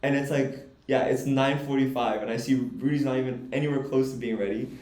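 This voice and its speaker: A young man co-hosting a podcast, telling a story in a casual, animated, swearing way and laughing as he goes. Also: mid-range voice, brisk. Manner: animated, profane, laughs while telling stories. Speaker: podcast co-host. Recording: echoey room.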